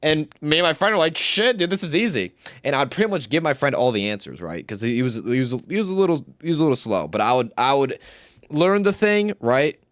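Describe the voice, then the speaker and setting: A man's voice: mid-range voice, very animated, fast, dry recording, clean studio sound. A young man streaming live, telling rambling, slangy stories and swearing often. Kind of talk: casual storytelling on a livestream.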